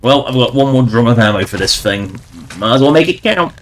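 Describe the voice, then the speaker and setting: A man's voice: medium pitch, expressive, fairly quick, soft background music. A man streaming a game, giving casual, rambling commentary with wry asides and chuckles.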